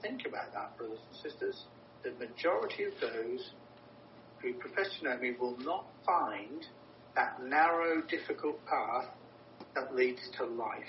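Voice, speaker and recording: A man's voice: lively intonation, measured pace. Earnest male preacher in a roomy hall. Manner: earnest, emphatic, repeats words for stress. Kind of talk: sermon. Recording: roomy, distant, dull with low rumble.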